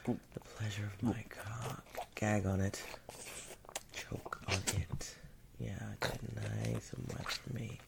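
A man voicing a dominant, mocking non-human male creature in a whispered role-play, talking in a breathy, taunting manner with frequent chuckles. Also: on the low side, fairly even intonation, slow pace, very noisy.

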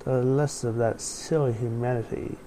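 A man voicing a calm, coaxing wolf-man pack leader who speaks softly and slowly in a soothing, hypnotic way. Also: mid-range voice, slight background noise, lightly acted. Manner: slow, soft, soothing and hypnotic. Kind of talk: audio story reading.

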